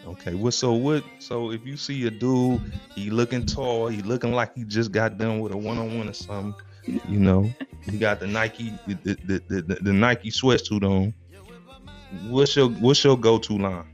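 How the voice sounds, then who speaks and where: Animated slangy male live-stream host. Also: lowish voice, moderate pace, faint music behind. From United States. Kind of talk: casual live-stream chat.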